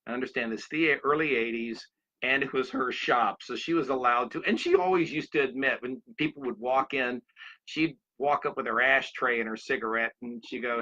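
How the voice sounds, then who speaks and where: Bright-voiced man in his 60s telling stories. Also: mid-range voice, normal speed. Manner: rambling anecdotes, addresses listeners directly. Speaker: speaker. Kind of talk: motivational storytelling talk. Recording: dull lo-fi recording.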